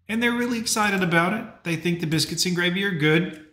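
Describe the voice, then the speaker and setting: A man's voice: sits high, fast, bright, forceful tone, reverberant. A man hosting a live stream, talking casually and rambling with plenty of fillers. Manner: chatty, rambling, lots of fillers. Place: home.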